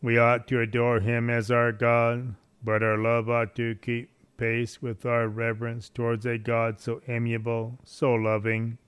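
Male devotional reader: unhurried, flat melody, clear resonant tone, solemn. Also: mid-range voice. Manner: measured, solemn delivery with archaic phrasing. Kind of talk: slow devotional reading aloud.

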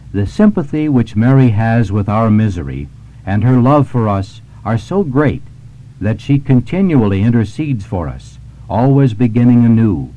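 A man reading a devotional sermon in a measured, solemn manner. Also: fairly low pitch, dark tone, poor audio. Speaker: preacher.

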